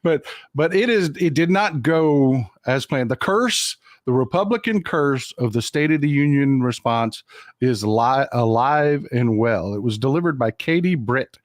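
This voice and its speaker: A man from Texas hosting a casual live-stream chat, talking in a joking, animated way. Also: mid-range voice, no echo, clean studio sound. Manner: chatty, joking, animated storytelling. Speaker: host.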